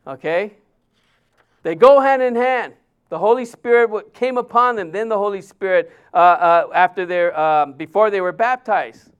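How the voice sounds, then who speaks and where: A male pastor, preaching in a conversational way, with many fillers and restarts, dropping his voice softly when he quotes others. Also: sits high, moderate pace, smooth. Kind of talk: sermon.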